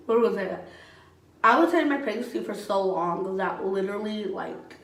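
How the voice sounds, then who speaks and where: A young adult woman vlogs her own story in an expressive, fairly bright mid-range voice at normal speed. Her talk is casual and blunt, loaded with swearing and "like," captured from a distance in a room with echo.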